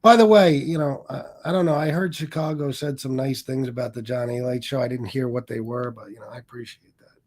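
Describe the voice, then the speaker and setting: A man's voice: mid-range voice, a little fast, darkish tone. A middle-aged man hosting a livestream, talking in a defensive, rambling, profane way. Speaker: livestream host. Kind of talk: casual livestream monologue.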